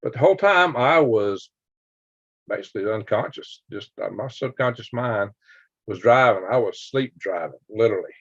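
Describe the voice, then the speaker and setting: A man's voice: lowish voice, expressive, normal speed, fairly bright tone, no echo. A man, hosting a casual live stream and chatting with viewers, rambling through stories with sound effects and chuckles. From Alabama, US. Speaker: livestream host. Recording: dry, dull lo-fi home stream audio.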